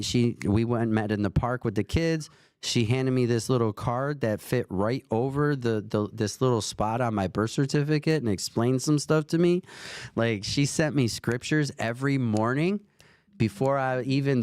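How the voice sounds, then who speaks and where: A man's voice: medium pitch, a little mellow, smooth, no echo, studio quality. A man in his forties telling a rambling, earnest faith story in casual conversation as a host. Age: 40s.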